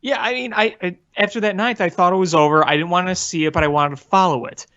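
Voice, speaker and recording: A man's voice: high-pitched, fast talker, pushed and bright. A man, co-hosting a sports podcast and telling a story earnestly, poking fun at himself. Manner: earnest storytelling, self-deprecating. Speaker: podcast co-host. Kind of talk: casual sports chat. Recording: dull lo-fi audio.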